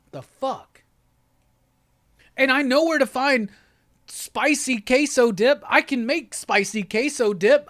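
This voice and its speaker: A man's voice: high-pitched, a bit bright, no echo, studio quality. A man hosting a live pop-culture stream, ranting with lots of profanity and exasperation. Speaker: host.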